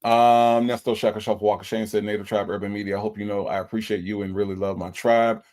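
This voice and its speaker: A man's voice: on the low side, flat delivery, quick pace, darkish tone. Emotional man thanking livestream viewers. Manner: emotional, repeats thanks over and over. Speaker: livestream host. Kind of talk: casual livestream shout-outs.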